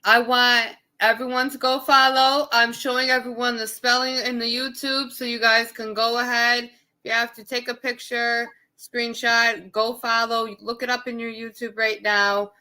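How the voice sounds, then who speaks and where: A woman's voice: a little high, level tone, moderate pace, bright, forceful tone. A woman hosting a podcast interview, encouraging her guest with frequent short affirmations. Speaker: podcast host.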